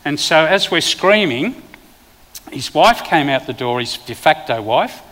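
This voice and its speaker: An Australian man, a preacher and former police officer, telling a vivid testimony in a sermon with sudden loud bursts. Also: on the high side, animated, unhurried, in a large hall.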